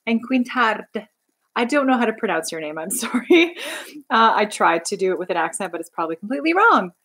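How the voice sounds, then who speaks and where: A woman's voice: mid-range voice, big pitch swings, brisk, a bit bright, poor audio. A young woman from Canada chatting casually on a livestream, bubbly and rambling as she reads out viewer comments. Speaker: livestream host.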